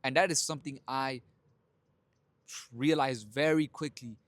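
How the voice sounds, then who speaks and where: A young self-help vlogger shares his personal story in a loose, motivational monologue, cursing freely, calling listeners "brothers," and laughing a lot. His voice is medium-pitched and measured, with no room sound.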